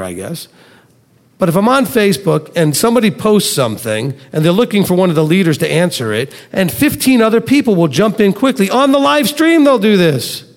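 A middle-aged man giving a conversational Bible teaching on a live stream, telling homely stories. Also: sits high. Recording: long hall reverb.

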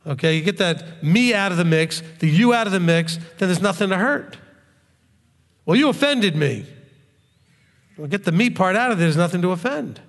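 A man's voice: high-pitched, lively intonation, fast, hardly any pauses. A man preaching a sermon to his congregation as their rabbi, talking conversationally and often checking in with "okay?". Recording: long reverb of a hall.

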